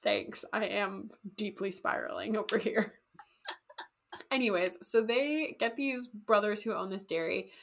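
A woman casually telling a history story on a podcast, animated and jokey, acting out quotes. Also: medium pitch, takes it slowly, gravelly. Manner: animated, jokey, acts out quotes in goofy voices. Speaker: podcast co-host.

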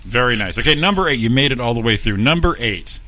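A man hosting a podcast, reading out quiz questions in an upbeat, lively way in a studio. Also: mid-range voice, fast, very noisy. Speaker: podcast host running a quiz. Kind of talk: casual podcast chat.

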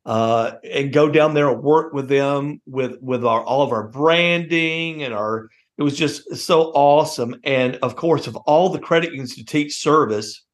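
A man hosting a reminiscing conversation, telling stories in an animated way and laughing often. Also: mid-range voice, measured pace, few pauses. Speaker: host.

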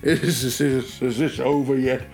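A man's voice: mid-range voice, fairly even intonation, unhurried, over loud music. A man joining the comedy banter with dry, teasing remarks.

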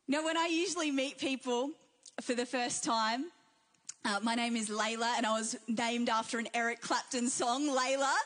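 A woman's voice: fairly high pitch, normal speed, a bit bright. A young woman with an Australian accent preaching a sermon as pastor, repeating key phrases for emphasis.

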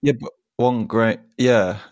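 A man's voice: mid-range voice, steady tone, slow, a little mellow, dry recording. A man co-hosting a podcast, telling a story in casual chat, laughing often and acting out the voices of the people in it. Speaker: podcast co-host.

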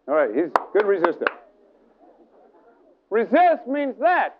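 High-voiced preacher on a tinny recording. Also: male voice, moderate pace. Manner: animated, dramatic, acts out scenes with the audience. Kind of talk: sermon. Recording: tinny phone-like archive recording.

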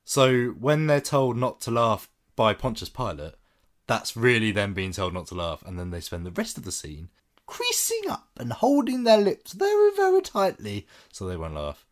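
A man casually chatting about a film as a podcast co-host, enthusiastic, his phrases trailing off low. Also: huge pitch swings, moderate pace.

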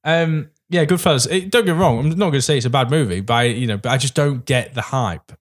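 A man's voice: mid-range voice, fast talker. A man co-hosting a podcast in casual chat, rambling with many fillers and casual swearing. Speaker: podcast co-host.

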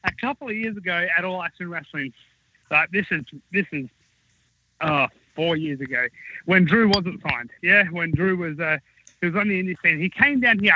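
A man with a high, husky voice tells a rambling, profane wrestling anecdote in casual podcast chat. His speech is heard on dull lo-fi podcast audio with a dry, close sound. He piles up restarts and asides as he builds the story. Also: dry recording. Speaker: wrestling talent recounting backstage stories.

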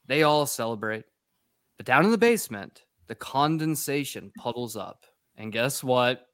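A man's voice: medium pitch, expressive, moderate pace, a bit bright, no echo. Guy cohost swearing thru a movie recap, dry close mic, jokey. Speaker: podcast co-host.

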